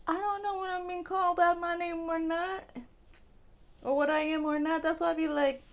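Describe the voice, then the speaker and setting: A woman from Brooklyn, telling a story to her viewers in a casual, animated way, laughing often and acting out voices. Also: very high voice, normal speed, lo-fi sound. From Brooklyn, New York. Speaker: vlogger.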